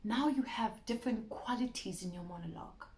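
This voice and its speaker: A woman in her thirties, an acting coach talking to camera in a lively, explanatory way. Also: fairly high pitch, a little fast. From South Africa. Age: 30s. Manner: lively and explanatory, addressing viewers directly. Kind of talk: talk to camera in an acting masterclass. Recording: roomy echo.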